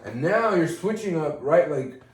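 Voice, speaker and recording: Insistent high-voiced man, roomy and distant. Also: expressive, moderate pace, noisy background. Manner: insistent, repeats the other's name to cut in. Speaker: podcast co-host. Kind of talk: bickering comedic banter.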